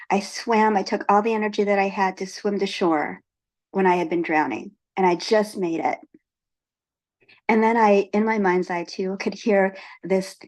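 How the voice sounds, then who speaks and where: Halting, earnest woman sharing a testimony. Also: medium pitch, a little mellow. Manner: halting, earnest, many restarts. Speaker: retreat guest speaker. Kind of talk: personal spiritual testimony.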